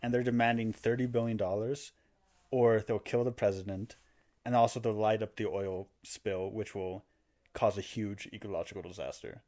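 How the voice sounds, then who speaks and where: A man's voice: on the low side, moderate pace. Man animatedly retelling a game plot. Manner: animated storytelling, acting out character lines with laughs. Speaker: podcast co-host explaining a game plot. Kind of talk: casual chat.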